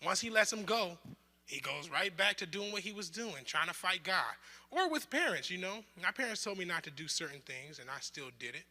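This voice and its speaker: Young man teaching bible study, bright and roomy. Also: high voice, brisk. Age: young adult. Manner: conversational, joking, with lively asides and acted-out quotes. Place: room of a bible study group. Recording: roomy hall with long reverb.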